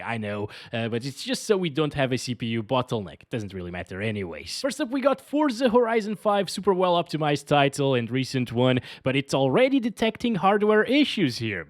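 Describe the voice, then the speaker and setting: A man hosting a casual hardware review, upbeat and chatty, often laughing and mumbling quick asides. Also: high-pitched, no room sound. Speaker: tech reviewer host.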